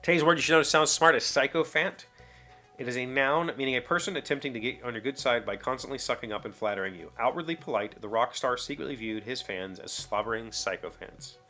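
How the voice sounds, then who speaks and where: A man's voice: mid-range voice, fast talker, sharp tone, faint music behind. A man talking casually to his viewers in a daily vlog, rambling and correcting himself as he goes. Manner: rambling, self-correcting, chatty. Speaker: vlogger. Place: home workshop.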